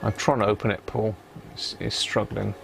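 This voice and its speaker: Gravelly man chatting while tinkering. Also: fairly low pitch, flat delivery, normal speed, a bit bright, a little hiss or hum. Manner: chatty, rambling, muttering to himself as he works. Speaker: radio repair live-streamer. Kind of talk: casual live-stream chat while repairing. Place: home workshop upstairs.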